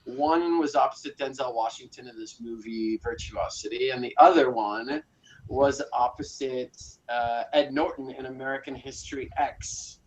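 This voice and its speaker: A man with a mid-range voice speaks at a moderate pace. He's a South African in his forties, an interview guest telling his story with lots of fillers and restarts, and the recording sounds slightly muffled.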